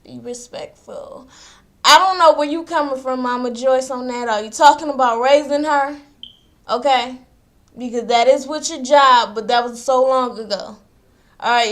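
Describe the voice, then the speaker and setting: A high-voiced woman, chatting through a reality show recap. She talks loosely and slangily and slips into quoted voices as she retells the scenes. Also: fairly bright tone. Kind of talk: casual episode recap.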